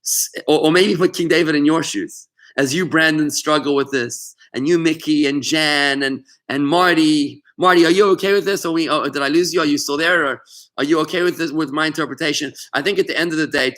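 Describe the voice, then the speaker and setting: In a slightly high, bright voice, a man leads an online Torah class with passion and strong emphasis. He keeps calling on individual students by name.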